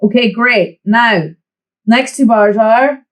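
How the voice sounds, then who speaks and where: A woman teaching a flute lesson, giving tips and counting the student in with steady encouragement. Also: fairly high pitch, takes it slowly, rough recording. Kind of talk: online music lesson.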